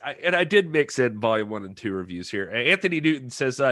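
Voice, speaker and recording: A man's voice: medium pitch, sing-song, quick pace, a bit bright. A man hosting a casual podcast, easygoing and often laughing. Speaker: host. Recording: roomy echo.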